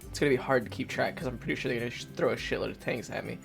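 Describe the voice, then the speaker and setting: A man's voice: mid-range voice, rapid-fire, vocal fry, faint music behind. A man giving casual let's play commentary, rambling, swearing and mocking himself as he reads through a game. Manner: rambling, profane, self-mocking. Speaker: gaming video host.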